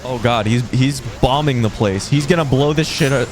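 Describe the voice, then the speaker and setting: A young man giving gameplay commentary with live reactions, excitable, swearing and yelling at the game. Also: mid-range voice, moderate pace, hardly any pauses, background noise. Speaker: gaming video creator. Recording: game music playing behind the voice.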